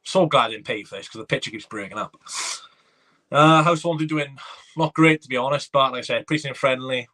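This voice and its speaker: A man hosting a live reaction watchalong, excitable and chatty, reading viewer comments aloud. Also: mid-range voice, a little fast. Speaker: fan watchalong host.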